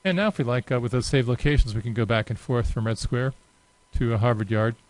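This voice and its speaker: Man casually narrating a software demo. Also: medium pitch, no room sound, poor audio. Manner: casual and unhurried, many filler pauses. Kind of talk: unscripted screen-share walkthrough.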